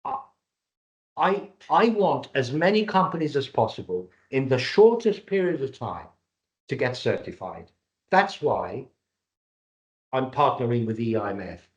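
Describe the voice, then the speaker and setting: A man presents a live webinar in a jokey, salesman-like way, his pitch rising and falling a lot. He talks over a video call, and the audio is dull and lo-fi. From Cyprus and Britain.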